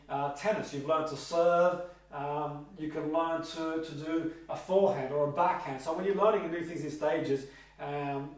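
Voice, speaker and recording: A middle-aged man teaching a seminar on hypnotherapy, speaking haltingly with many ums and slow, emphatic pauses. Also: on the high side. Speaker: hypnotherapy trainer. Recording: echoey room, heard from a distance.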